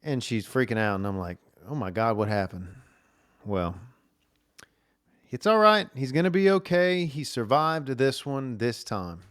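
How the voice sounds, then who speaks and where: Guy rambling through stories on his podcast, full of ums and restarts, smooth voice, mid pitch. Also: very animated, unhurried, fairly bright tone, dry recording, clean studio sound. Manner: rambling storytelling with many fillers and restarts. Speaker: podcast host. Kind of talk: casual solo podcast monologue. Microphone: camera recording at a desk.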